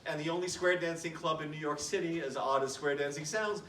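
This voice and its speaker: A middle-aged son toasts the departed at a memorial, speaking fairly quickly in a voice on the high side, steady and sharp in tone. Chatty and self-mocking, he laughs through his funny stories and sometimes falters with emotion. The recording is distant, echoey and noisy.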